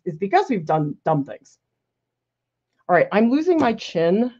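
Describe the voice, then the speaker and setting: A woman's voice: on the high side, expressive, moderate pace, dark tone. Chatty woman art teacher, lo-fi sound. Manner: casual, self-critical thinking aloud, laughs often. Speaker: art professor. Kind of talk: live painting demonstration with chat questions. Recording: slightly dull lo-fi sound.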